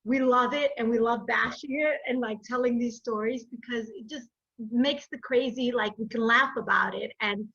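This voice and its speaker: A woman from Latin America hosting a podcast in casual, expressive chat, often hedging with "sort of kind of". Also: fairly high pitch, moderate pace, breathy edge. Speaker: podcast host. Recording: dull lo-fi audio.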